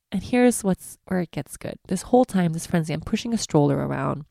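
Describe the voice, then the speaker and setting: A woman in her twenties speaks as a podcast host, sharing a personal story with candid, confessional openness. Her voice sits low and carries a gravelly fry, with a dark, mellow tone. The sound is dry and close. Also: expressive, normal speed, no echo. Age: 20s. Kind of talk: personal monologue.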